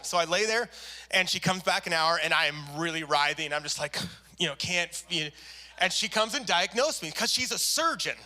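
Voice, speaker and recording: A man preaching a sermon to a church, telling a personal story with lively acted-out voices. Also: fairly high pitch, fairly quick. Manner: animated storyteller, acts out quoted voices. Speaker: pastor. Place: church service.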